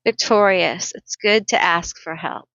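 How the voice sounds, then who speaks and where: A woman's voice: lowish voice, measured pace, fairly bright tone, no echo, lo-fi sound. A woman doing a casual tarot card reading for viewers, chatty and emotional, thinking aloud as she pulls cards. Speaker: tarot reader.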